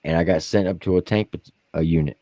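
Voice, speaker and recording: A man and army veteran co-hosting a podcast, telling profane war stories in a casual, animated way and acting out what others said. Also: fast, no room sound. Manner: animated, profane, acts out quotes in high voices. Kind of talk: casual storytelling among veterans.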